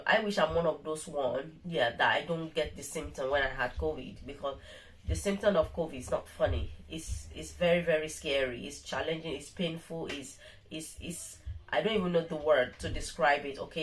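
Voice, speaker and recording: A woman's voice: sits low, slight background noise, low-quality recording. A middle-aged woman talking casually to her viewers while weak and tired from illness, rambling and restarting her sentences often. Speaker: vlogger. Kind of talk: casual vlog monologue.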